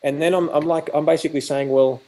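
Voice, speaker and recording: An Australian man who teaches photography chats on a video call, telling stories animatedly and acting out quoted exchanges as he goes. His voice is fairly high-pitched yet dark in tone, steady, and quick.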